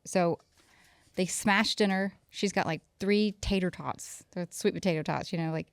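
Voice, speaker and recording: A woman's voice: lowish voice, moderate pace, creaky. A woman in her thirties co-hosting a podcast, telling a story about her kids in casual chat and acting out their lines. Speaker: podcast co-host.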